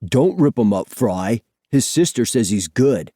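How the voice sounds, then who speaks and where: A man voicing a rough teenage surfer boy who bullies, with a raspy, taunting voice. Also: mid-range voice, very animated, measured pace, warm tone, no echo, studio quality. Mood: offhand. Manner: menacing, taunting.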